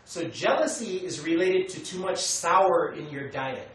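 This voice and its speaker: An American man teaching a class, animated, acting out quotes and telling students what to note down. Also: fairly high pitch, a little slow. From United States. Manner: animated, acts out quotes, tells students to take notes. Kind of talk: classroom lecture. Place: meditation center lecture room. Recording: echoey room, mic far away, light noise.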